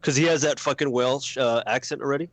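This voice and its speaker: A man's voice: medium pitch, fast talker, no room sound. Male co-host, mid voice, loose jokey banter, dry mic. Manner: rambling, swearing, joking. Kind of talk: casual chat.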